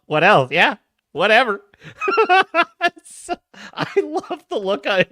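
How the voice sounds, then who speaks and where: A man's voice: on the high side, bright, forceful tone, no room sound, studio quality. A man hosting a casual live stream, talking animatedly and laughing often as he reads viewer chat aloud. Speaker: host.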